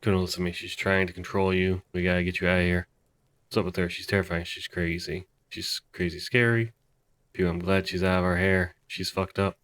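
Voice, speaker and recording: A man streams a game in a low voice, reading dialogue aloud in a casual, hesitant way. He often doubts his own choices. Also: flat delivery, a little fast, a bit bright. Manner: hesitant, self-deprecating, reads dialogue aloud. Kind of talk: casual let's-play commentary.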